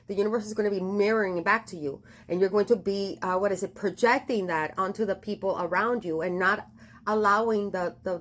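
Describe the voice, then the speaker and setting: A woman giving a casual tarot reading, chatty and affectionate, with many fillers and restarts. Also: mid-range voice. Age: adult with a daughter. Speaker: tarot reader.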